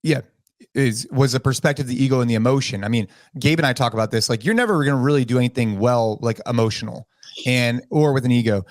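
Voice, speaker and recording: Fast-talking male podcast host, dry sound. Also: mid-range voice, no room sound. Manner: reflective, sums up the guest's points. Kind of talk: casual conversation.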